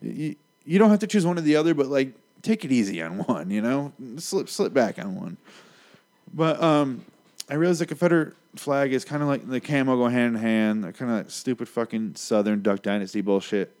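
A man's voice: mid-range voice, expressive, brisk, darkish tone. Heated, profane man in his thirties. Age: 30s. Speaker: comedian and podcast host. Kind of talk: solo podcast rant.

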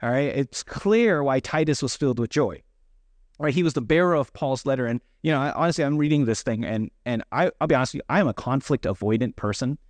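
A man's voice: mid-range voice, fast, no room sound. A man giving a sermon in a conversational, self-deprecating way, often acting out what people say. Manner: conversational, self-deprecating, acts out quoted voices. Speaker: pastor.

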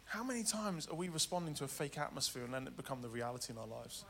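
Bright, dramatic male preacher. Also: mid-range voice, animated, fast, gravelly, slight background noise. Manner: dramatic, swings from loud urgency to hushed tenderness. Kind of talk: sermon.

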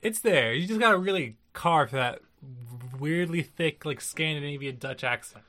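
A man's voice: on the high side, animated, normal speed, pushed and bright. A man co-hosting a podcast in casual chat, tossing in dry joking asides about the episodes. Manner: dry joking asides, plays off his partner. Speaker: podcast co-host.

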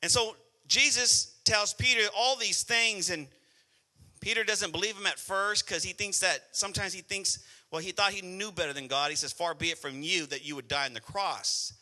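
A middle-aged male pastor preaching a sermon, swinging between soft prayer and loud exhortation. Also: high voice, moderate pace. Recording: music playing behind the voice.

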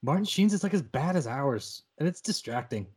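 A man's voice: fairly high pitch, lively intonation, moderate pace, husky. A man co-hosting a podcast about a film, talking casually with a wry, profane tone and mock-formal announcements. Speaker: podcast co-host.

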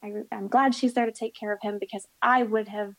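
A woman's voice: on the high side, fairly even intonation, brisk, a bit bright, poor audio. A woman in her thirties, a guest telling personal stories in a blunt, darkly humorous way and acting out what others said. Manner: blunt, darkly humorous, acts out quoted voices. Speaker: interview guest. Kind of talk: candid personal storytelling.

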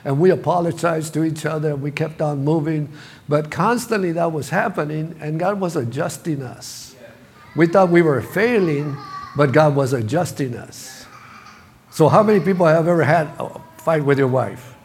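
A man's voice: on the high side, moderate pace, slight background noise. A middle-aged man, the senior pastor, preaching a sermon in a church, building to bursts of emphasis with touches of humor. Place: church sanctuary.

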